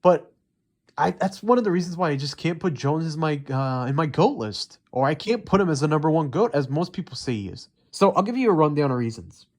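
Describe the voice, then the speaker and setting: A man's voice: fairly high pitch, expressive, a little fast. A young man ranting heatedly and profanely in unscripted commentary, rambling with many fillers. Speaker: MMA commentary YouTuber.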